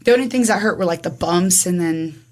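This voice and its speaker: A woman in her twenties telling her own story in casual chat, rapid and animated, acting out what everyone said with lots of "like". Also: lowish voice. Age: 20s. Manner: rapid, animated, acts out dialogue with frequent "like". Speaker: guest.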